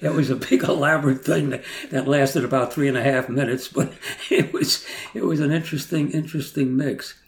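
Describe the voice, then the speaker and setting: A man's voice: medium pitch, fairly even intonation, fairly quick, gravelly, hardly any pauses. Chuckling 82-year-old New man. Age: 80s. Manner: chuckling, rambling storyteller. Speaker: guest. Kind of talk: casual reminiscing chat. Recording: roomy echo, faint noise.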